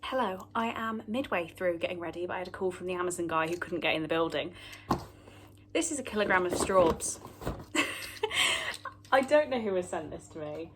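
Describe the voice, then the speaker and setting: A woman's voice: lowish voice, expressive, moderate pace, long pauses, heavy background noise. A woman vlogging casually about her books and her week at home, chatty and rambling, with fillers. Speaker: book vlogger. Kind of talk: casual chat.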